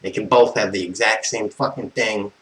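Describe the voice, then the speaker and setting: An American man vlogs a personal story, exasperated, swearing constantly and wandering off on tangents. His voice is on the low side and fairly bright, with fairly even intonation at a moderate pace, in a low-quality recording with slight background noise.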